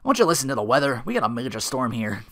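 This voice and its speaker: A man's voice: mid-range voice, very animated, very fast, fairly bright tone. A man voicing a blunt male traffic cop who barks orders in a casual movie retelling. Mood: bossy. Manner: bossy, barking orders.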